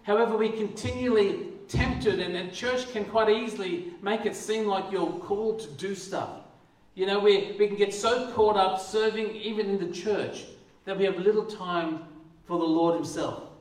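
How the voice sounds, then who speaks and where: High-voiced pastor in an echoey hall. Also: male voice, normal speed, recorded from a distance. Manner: earnest, repeats words when starting phrases. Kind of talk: sermon. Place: church hall.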